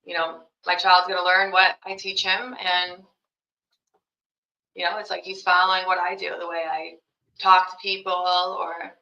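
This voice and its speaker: Young woman, lower side of pitch, rambling casual guest, dull echoey sound. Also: little pitch movement, moderate pace, gravelly, bright, forceful tone. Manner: rambling, heavy on fillers like "you know" and "like". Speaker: podcast guest, young mother. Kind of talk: casual interview answers.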